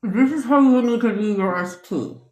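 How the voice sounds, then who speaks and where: A woman's voice: a little high, moderate pace, darkish tone, dull audio. A woman manifestation coach on a livestream, ranting bluntly and swearing freely while answering viewer comments. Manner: blunt, profane, fired-up. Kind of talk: livestream rant. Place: home desk. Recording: roomy, echoey room sound.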